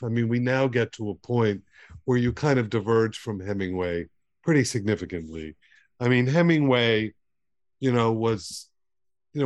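Low-voiced male podcast host. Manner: rambling questions ending in "right?". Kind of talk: conversational interview.

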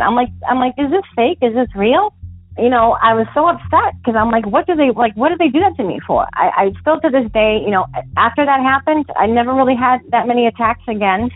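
A young woman calling in to tell a paranormal story, rambling with many fillers and rising high when she recalls the panic. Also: dry recording. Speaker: caller telling a paranormal story. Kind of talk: voicemail story, casual telling. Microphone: phone. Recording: tinny phone line, dry.

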